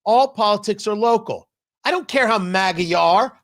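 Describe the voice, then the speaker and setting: A man hosting a political talk show, giving opinionated commentary and acting out quotes with sudden loud outbursts. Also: high-pitched, moderate pace. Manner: animated, acts out quotes with sudden loud shouts.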